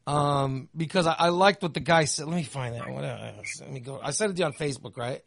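A man hosting a podcast, chatting casually and ranting with animated, profane energy. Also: a little high, quick pace, vocal fry, no echo, studio quality. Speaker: podcast host.

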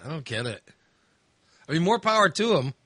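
A man's voice: on the high side, sing-song, normal speed, bright, forceful tone, breathy edge, dry recording. A man chatting casually as host, rambling with lots of fillers and restarts. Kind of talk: casual chat.

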